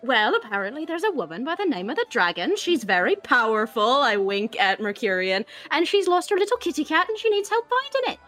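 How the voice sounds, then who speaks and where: A woman playing a tabletop roleplaying game in a playful, eager way. Her voice sits fairly high, and she chatters quickly and laughs between her moves. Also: very animated, fairly bright tone, faint music behind. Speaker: player. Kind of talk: casual tabletop game play.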